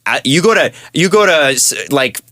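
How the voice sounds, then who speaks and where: A man's voice: on the high side, animated, normal speed, pushed and bright, no echo, clean studio sound. A Canadian man hosting a podcast, explaining at length in casual chat. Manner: explaining, rambling with restarts. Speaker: podcast host.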